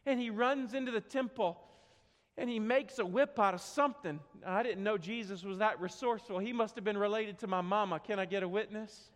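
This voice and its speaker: A man preaching a sermon, telling a story with dramatic swings from quiet to loud, in a church sanctuary. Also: high voice, a little fast. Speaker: pastor. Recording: long hall reverb.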